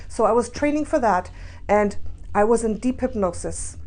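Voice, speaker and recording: A woman who works as a spiritual reader, telling an earnest story in a storytime vlog, soft-spoken and laughing often. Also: mid-range voice.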